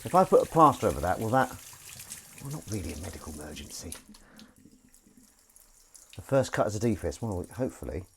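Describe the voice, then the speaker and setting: Lively low-voiced man chatting at the sink. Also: fairly quick, vocal fry, pauses often, a little hiss or hum. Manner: chatty, self-mocking, jokey asides. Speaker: streamer washing dishes live. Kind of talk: casual rambling live-stream chat. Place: home kitchen at the sink.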